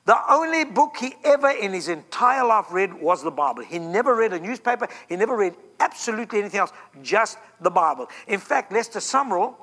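High bright fervent preacher. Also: male voice. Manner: fervent, repeats lines for emphasis. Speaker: guest preacher. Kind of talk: Pentecostal sermon.

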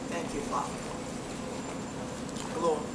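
A man in the congregation giving quiet, short affirming call-outs during a sermon. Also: takes it slowly, heavy background noise. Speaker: congregation member. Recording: distant echoey room with loud ambience.

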